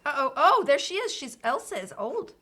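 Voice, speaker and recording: Woman game streamer, lively and bright, casual talk to viewers while she plays. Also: high voice, normal speed, slight background noise. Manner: chatty, reads game dialogue aloud, greets chat viewers. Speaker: streamer playing a video game. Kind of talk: casual live-stream chat.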